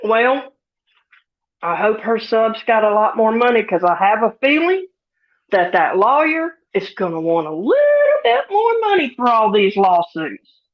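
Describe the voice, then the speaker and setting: A woman chats to her livestream viewers in a slow, folksy drawl, giggling now and then. She sounds a little sniffly. The stream audio is dull and lo-fi. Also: on the high side, sing-song. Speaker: livestream host. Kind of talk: casual live chat reading comments.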